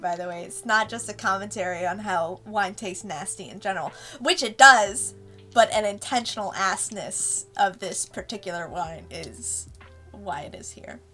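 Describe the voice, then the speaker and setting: A woman's voice: medium pitch, unhurried, pushed and bright, soft background music. A woman, a webcomic creator, giving a casual, rambling commentary and laughing often between thoughts. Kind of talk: casual director's commentary stream.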